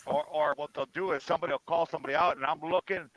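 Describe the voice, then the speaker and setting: A man in casual chat on a live stream, joking and telling animated stories. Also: on the high side, fast, vocal fry, low-quality recording.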